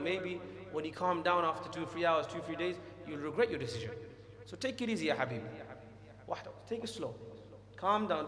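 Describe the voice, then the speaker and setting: A man teaching an Islamic lesson to a class, animated and scolding, acting out quotes and taking questions. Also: sits high. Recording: echoey hall, long reverb.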